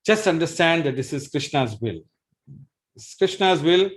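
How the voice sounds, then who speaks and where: A man voicing a humble traveling holy man who speaks softly and calmly. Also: fairly high pitch, moderate pace, natural voice. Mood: gentle.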